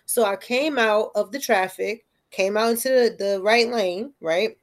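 A woman telling a story in casual chat, animated and profane, often checking in with "right?". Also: mid-range voice, unhurried.

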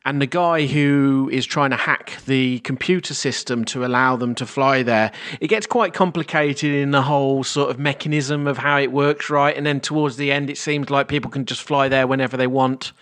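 A man's voice: medium pitch, steady tone, moderate pace, few pauses, a bit bright. A man co-hosting a casual film podcast, explaining plot points at length with some hedging. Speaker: podcast co-host.

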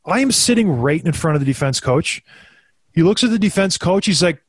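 Thirties guy, ex hockey player co-hosting, animated storyteller, bit high voice, dry close mic. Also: moderate pace, breathy edge, dry recording. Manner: animated, acts out quotes in a raised voice. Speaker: former hockey player, podcast co-host. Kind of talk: casual storytelling chat.

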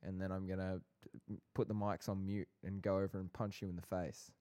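A man's voice: deep voice, flat delivery, a little fast, dark tone. A young man co-hosting a casual podcast with his brother, bantering playfully with light sarcasm. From Australia. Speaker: podcast co-host.

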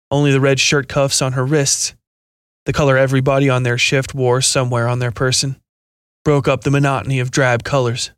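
A man narrating a scripted science fiction horror story in a steady, measured reading. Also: mid-range voice, no room sound, clean studio sound.

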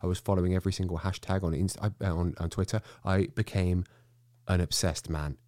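A man with a very low voice tells a story at a quick clip. He talks in a casual, animated way, swears freely and stumbles over words when he gets excited. The sound is dry and close, with no room around it. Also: dry recording. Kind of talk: casual chat.

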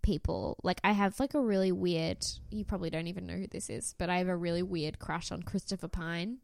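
Sweary woman, animated chat. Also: lowish voice, brisk, creaky, dry recording. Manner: animated, sweary, laughs often. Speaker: podcast co-host. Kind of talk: casual chat recapping a reality show.

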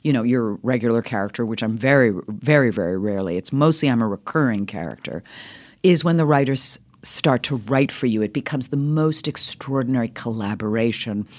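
A middle-aged woman, an actress, telling animated stories in an interview, her voice leaping up with laughter and acted-out lines. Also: brisk. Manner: lively, swings high with laughter and voices. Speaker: actress guest.

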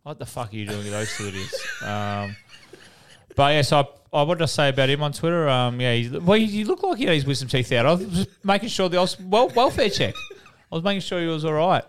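A man's voice: a little high, lively intonation, fast talker, a little hiss or hum. An Australian man in casual podcast chat, telling anecdotes, swearing often and laughing as he goes. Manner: swears freely, laughs while telling stories.

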